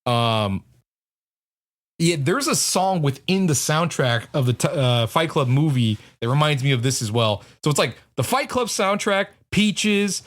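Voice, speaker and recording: A man's voice: on the high side, animated, a little slow. Ranting swearing male podcast co-host. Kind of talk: casual chat.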